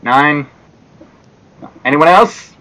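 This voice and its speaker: A man's voice: drawn-out words, low-quality recording. An Australian man running a tabletop game as dungeon master, narrating scenes vividly over an online call. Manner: vivid descriptive narration, lively pitch.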